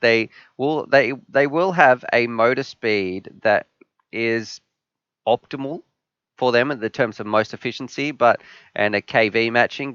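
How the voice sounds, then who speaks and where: A man's voice: fairly low pitch, fairly bright tone, dry recording, lo-fi sound. A man with an Australian accent hosting a live stream Q&A, upbeat as he reads viewer questions aloud and answers them. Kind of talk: live stream Q&A, casual chat.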